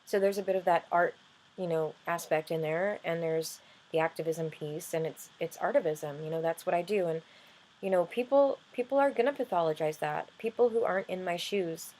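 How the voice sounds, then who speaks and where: A woman talking earnestly in a personal vlog, halting and restarting often as she explains her life with a chronic illness. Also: lowish voice, a little mellow, low-quality recording. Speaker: vlogger and music artist.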